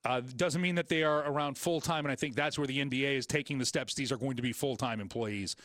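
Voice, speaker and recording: A man filling in as host on a sports talk radio show, joking and rambling with quick asides. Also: mid-range voice, fairly bright tone, no echo, clean studio sound.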